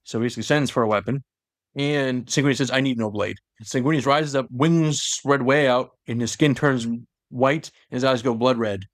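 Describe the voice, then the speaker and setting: A man's voice: medium pitch, steady tone, fairly quick, dry recording, studio quality. A young man co-hosting a podcast, retelling a story in a loose, rambling way with asides. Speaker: podcast co-host. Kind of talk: casual chat retelling a story.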